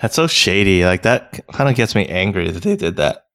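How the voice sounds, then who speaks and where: A man's voice: low-pitched, sing-song, a little fast, fairly bright tone. A man hosting a podcast, reacting with sympathy and asking probing questions in casual chat. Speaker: podcast host.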